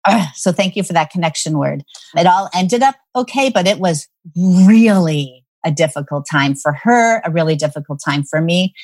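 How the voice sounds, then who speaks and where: A middle-aged woman, a parenting expert, telling candid, animated stories in a podcast chat. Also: on the low side, normal speed, no echo.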